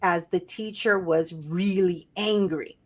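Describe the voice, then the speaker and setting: Woman telling stories, animated. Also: lowish voice, slow. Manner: storytelling, animated when quoting others. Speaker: podcast co-host. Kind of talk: casual conversation.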